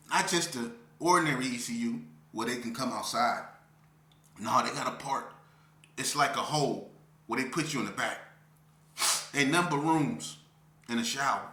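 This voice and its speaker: A man telling an emotional story of his past as an interview guest, talking intensely in street slang and repeating himself, swinging from near shouts down to a low voice. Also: roomy sound. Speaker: interview guest recounting prison life.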